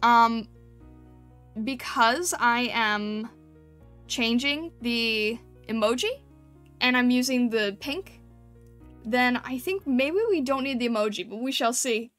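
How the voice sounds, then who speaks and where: A woman's voice: a little high, slow pace, pauses often, fairly bright tone, soft background music. A woman streamer chatting casually with her chat and thinking aloud while she paints over and critiques thumbnails.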